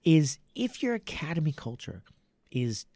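A man who runs a martial arts academy, talking casually on a podcast with lively stress and frequent restarts. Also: fairly high pitch, measured pace, no echo. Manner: animated, with many restarts and stressed phrases.

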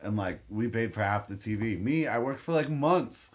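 A man's voice: fairly low pitch, lively intonation, moderate pace. Man swearing through a rambling anecdote. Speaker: podcast co-host. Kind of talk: casual storytelling chat.

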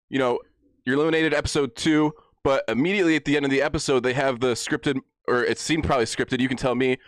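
A man's voice: medium pitch, dry recording. A man interviewing a guest in a casual tone, asking loose, rambling questions.

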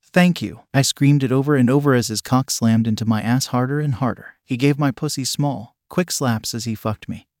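A man narrating a first-person adult story in a steady, intimate reading. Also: mid-range voice, fairly quick, few pauses, dry recording, studio quality.

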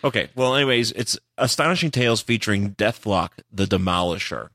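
Low-voiced rambling man co-host. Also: expressive, sharp tone, no echo, studio quality. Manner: rambling, halting, many fillers and restarts. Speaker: podcast co-host. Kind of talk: casual comic book chat.

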